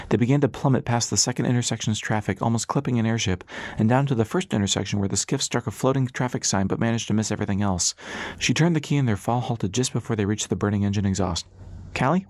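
A man narrating an audiobook in a brisk, steady storytelling manner. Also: fairly low pitch, dry recording. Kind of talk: scripted narration.

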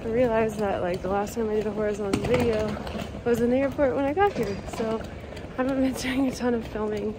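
A young woman gives a relaxed, chatty travel update to her camera. Her voice is a touch high. Clear airport noise runs behind her. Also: a little fast. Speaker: vlogger. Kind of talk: casual travel vlog update. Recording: noisy airport background.

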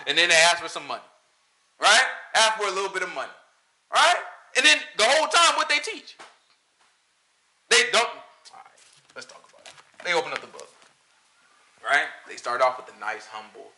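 A man giving a casual, animated sermon to a small group, slipping into impressions of other pastors. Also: high voice, fairly quick, a little hiss or hum. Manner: animated, talks to the room, mimics pastors. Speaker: preacher.

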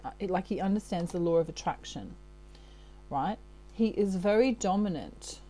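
A woman giving a channelled tarot reading in a soft, warm voice that sits a little low. She talks in a loose, chatty way, often checking in with her listener. She laughs at herself easily. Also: rough recording. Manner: chatty, keeps checking in with "okay?". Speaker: tarot reader.

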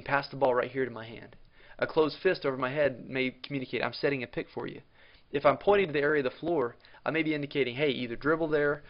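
A man in the middle of his pitch range talks through coaching advice point by point, often restarting a phrase before pressing on. The sound is dull and slightly lo-fi. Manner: plain explanatory delivery with restarts and lists. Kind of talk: instructional talk. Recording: dull lo-fi recording.

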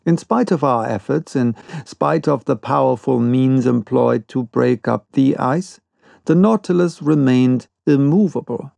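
A man reading an unabridged classic novel aloud chapter by chapter, in a slow, measured manner. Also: medium pitch, creaky, mellow, dry recording. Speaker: audiobook reader. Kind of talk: unabridged audiobook narration.

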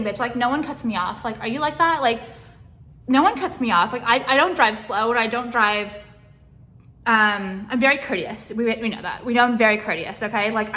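Bright-voiced woman ranting, sweary and exasperated. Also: a little high. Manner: exasperated, sweary, heavy use of "like". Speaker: vlogger. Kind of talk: casual rant to camera. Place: car.

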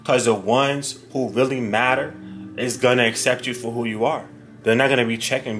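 A man giving a casual tarot card reading to his viewers, talking straight to them in a slangy, animated way. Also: mid-range voice, moderate pace, faint music behind. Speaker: tarot reader.

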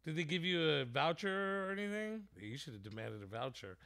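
A podcast co-host with a gravelly, bright and somewhat high voice for a man, chatting casually. He laughs easily and keeps chiming in with short agreements. The sound is close and dry. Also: animated, fairly quick, dry recording. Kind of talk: casual chat.

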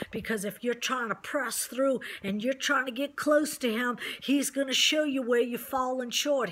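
A woman's voice: a little high, a bit bright. A woman preacher giving an earnest, encouraging devotional sermon straight to her listeners. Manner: earnest, encouraging, direct address.

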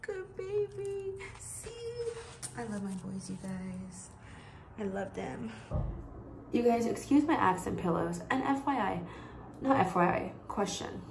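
A woman talks straight to her viewers in a loose, rambling vlog style, leaning on "like" as she goes. Her voice sits at an ordinary pitch. The room around her is echoey, and a clear noise runs underneath. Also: a little slow. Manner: rambling, chatty, heavy use of "like". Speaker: vlogger. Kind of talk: casual vlog chat. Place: home bedroom.

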